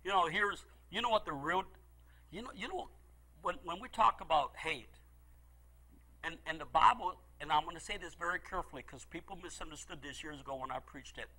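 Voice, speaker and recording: A middle-aged male pastor preaching a sermon, telling a story with great feeling and swinging from loud pleading to hushed, low asides. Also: fairly quick, breathy edge, rough recording.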